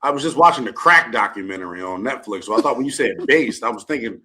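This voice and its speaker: Animated, lively teasing male co-host. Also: medium pitch, quick pace, slight background noise. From United States. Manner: animated, teasing, exaggerated outbursts. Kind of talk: casual sports radio banter.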